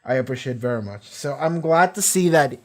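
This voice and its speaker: A man's voice: mid-range voice, lively intonation, a little fast. A man hosting a TV reaction video, chatting casually and profanely, often acting out scenes in goofy voices.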